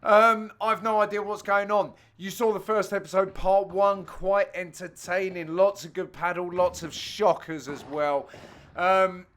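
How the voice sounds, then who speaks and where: A man hosting and giving jokey, self-mocking commentary over amateur match highlights, with sudden loud exclamations. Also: fairly even intonation, measured pace. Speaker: host and commentator.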